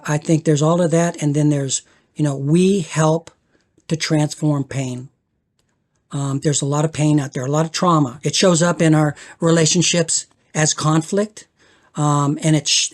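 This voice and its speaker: Earnest older man, halting and heartfelt. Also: a little high, fairly even intonation. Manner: earnest, searching, with many restarts and repeated words. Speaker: podcast guest, men's spirituality elder. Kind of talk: reflective spiritual conversation.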